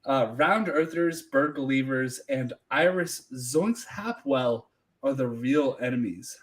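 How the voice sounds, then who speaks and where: A man's voice: mid-range voice, slow pace, fairly bright tone. A man co-hosting a casual show, talking loosely and reading out donations. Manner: loose, swearing, reads donations. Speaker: podcast co-host. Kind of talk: casual chat.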